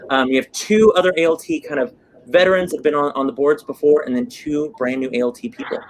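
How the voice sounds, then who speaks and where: Chatty host with a higher voice. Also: male voice. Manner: lively and chatty, quick to jump in. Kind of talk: casual chat.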